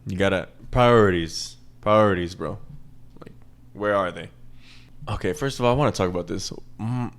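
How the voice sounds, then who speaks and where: Male podcast host, casual profane rant, repetitive for emphasis, low-pitched. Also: normal speed. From American South. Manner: profane, rambling, repeats lines for emphasis.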